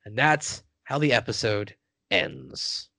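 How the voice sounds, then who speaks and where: A man's voice: on the low side, sing-song, slow pace, creaky, bright, forceful tone, dry recording. A man casually recapping a cartoon episode, acting out the characters' lines and laughing often. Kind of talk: casual chat.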